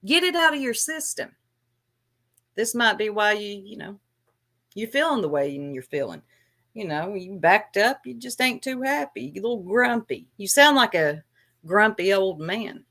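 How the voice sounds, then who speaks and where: A woman's voice: medium pitch, animated, normal speed, creaky, a bit bright. A woman vlogger ranting on a livestream in a taunting, sarcastic way. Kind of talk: livestream rant.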